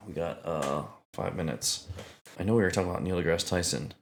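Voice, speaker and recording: A man's voice: low voice, fairly quick, gravelly, slight background noise. A man hosting a comedy podcast in easygoing casual chat, laughing often. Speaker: podcast host.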